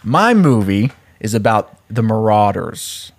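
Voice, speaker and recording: A man's voice: lowish voice, slow pace, creaky. Laughing man telling a story. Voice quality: laughs often, animated storyteller. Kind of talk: casual chat, retelling a story.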